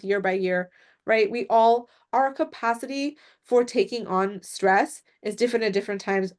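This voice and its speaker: A woman presenting a mental health workshop, explaining step by step and often checking in with "right?" and "okay?". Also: on the high side.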